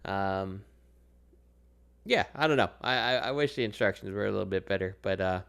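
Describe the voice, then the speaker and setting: A man's voice: lowish voice, normal speed, creaky, a bit bright, clean tone. A man co-hosting a podcast in casual chat, rambling with plenty of fillers and laughing easily. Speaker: podcast co-host.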